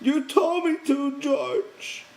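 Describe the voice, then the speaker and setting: A huge, terrified childlike man wailing in a high voice. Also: very slow, vocal fry, a little mellow, a little hiss or hum, heavily acted. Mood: terrified pleading. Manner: high wailing pleading cries.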